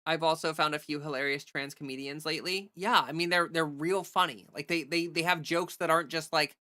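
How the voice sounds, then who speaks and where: Chatty rambling woman livestreamer, bright tone. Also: deep voice, steady tone, a little fast. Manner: chatty, rambling, thinks aloud; reads out and thanks viewer donations. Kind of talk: casual livestream chat.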